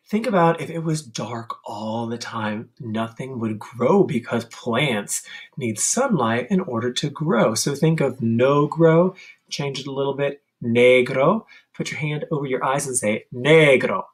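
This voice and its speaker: Slow-paced man teaching Spanish. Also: mid-range voice. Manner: slow and deliberate, with playful sound effects and chanting. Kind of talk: classroom-style vocabulary lesson.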